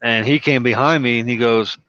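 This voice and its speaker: A man's voice: mid-range voice, fairly even intonation, brisk, fairly bright tone, dry recording. A man from Delaware, a trucker, telling rambling anecdotes in casual chat on a live stream. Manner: rambling anecdotes with many restarts. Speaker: trucker and show regular. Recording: dull lo-fi stream audio.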